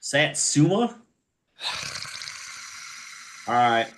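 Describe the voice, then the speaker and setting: A man's voice: a little high, sing-song, very slow, a bit bright, a little hiss or hum. A man hosting a motorsport podcast, reading the intro, sign-off and sponsor plugs in an upbeat announcer manner. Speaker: podcast host.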